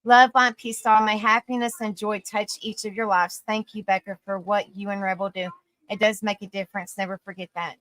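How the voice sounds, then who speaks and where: A woman's voice: medium pitch, little pitch movement, a little fast, a bit bright. A tired woman hosting a live stream, reading an article aloud and greeting viewers with fond names like sweetie and honey, stumbling over hard words. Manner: affectionate toward viewers, calls them sweetie and honey.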